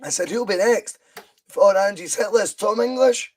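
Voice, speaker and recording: A Scottish man in his thirties hosting a casual football podcast over a video call, talking in an excitable, sweary, rambling way. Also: high voice, normal speed, low-quality recording.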